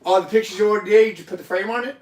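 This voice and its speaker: A man's voice: high-pitched, very fast. A man hosting a casual chat, emotional, profane and insistently repeating himself. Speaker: host. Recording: echoey room, mic at a distance.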